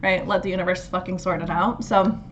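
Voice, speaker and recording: A woman hosting a casual astrology talk, animated, laughing often and swearing freely. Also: lowish voice, a little fast, muffled recording, slight background noise. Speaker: astrology host.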